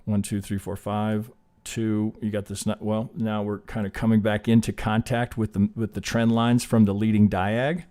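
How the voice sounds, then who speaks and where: A man's voice: fairly low pitch, level tone, moderate pace, few pauses, warm tone. A man hosting a live trading stream, talking loosely through chart counts, swearing now and then and getting fired up. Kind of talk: live chart analysis, casual teaching.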